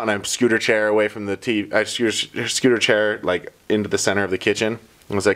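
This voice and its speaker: A man hosting a podcast in casual chat, telling a story in a lively way and acting out what others said. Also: on the low side, fast talker, hardly any pauses. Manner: animated storyteller who acts out quoted dialogue. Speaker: podcast host.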